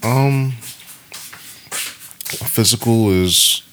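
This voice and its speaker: A man's voice: medium pitch, drawn-out words, background noise. A man hosting a podcast, bantering in a laid-back, slangy way with friends. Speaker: podcast host. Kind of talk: casual chat.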